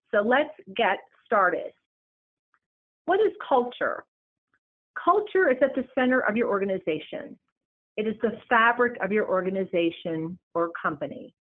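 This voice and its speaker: A woman presenting a business series in scripted narration, with measured, emphatic lists. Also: on the high side, animated. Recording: tinny phone-like line.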